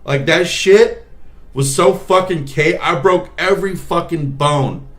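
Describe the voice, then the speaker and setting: A man's voice: fairly high pitch, measured pace, a bit bright. A man, a nurse, telling a work story in a profane, rambling, casual vlog style.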